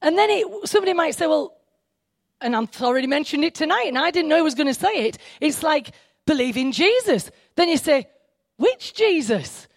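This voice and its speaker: An excitable woman preacher, her high voice swooping up and down as she breaks off into asides. The sound is dry and close. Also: normal speed, no echo. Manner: animated, excitable, self-interrupting with asides. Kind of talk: sermon.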